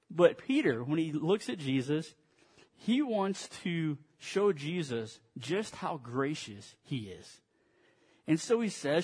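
High-voiced male pastor preaching. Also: husky. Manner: storytelling, with dry sarcasm. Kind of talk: sermon.

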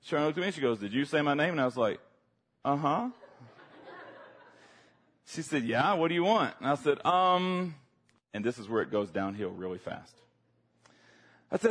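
A man's voice: fairly high pitch, normal speed, long pauses, husky. Southern man preaching with humor. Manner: animated, humorous storyteller, acts out his younger self. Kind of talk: sermon with personal storytelling.

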